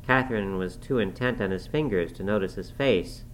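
A man's voice: lowish voice, a little hiss or hum, low-quality recording. Man narrating a classic novel. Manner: measured, formal period narration. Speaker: audiobook narrator.

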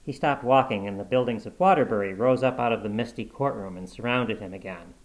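A man narrating a short story aloud in a steady, measured storybook reading. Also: fairly low pitch, rough recording.

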